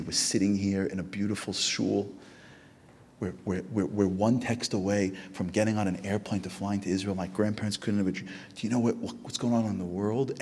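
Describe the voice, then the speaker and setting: A man with a very low voice delivers a sermon in a synagogue. His words ring with a long hall reverb, and a faint rumble sits underneath. He tells stories and builds to loud, animated peaks. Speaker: speaker at a Tisha B'Av program. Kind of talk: inspirational sermon.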